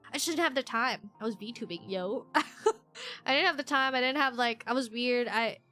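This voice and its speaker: A woman's voice: fairly high pitch, normal speed, bright, forceful tone, faint music behind. A young adult woman streaming a game, chatting casually in a rambling, self-deprecating way with lots of restarts and giggles. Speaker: VTuber streamer.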